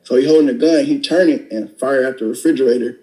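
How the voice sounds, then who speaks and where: A young man with a mid-pitched voice recounts events in a loose, conversational way. He lurches into acted-out dialogue and talks bluntly, with plenty of profanity. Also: fast talker, low-quality recording. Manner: animated, acts out dialogue with profanity. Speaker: storyteller recounting a robbery. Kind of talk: casual retelling.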